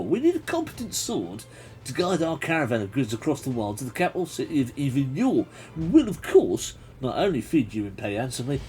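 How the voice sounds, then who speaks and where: A man voicing a wealthy, smiling male merchant who offers a job in a friendly, persuasive way. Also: poor audio. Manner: friendly persuasive sales pitch.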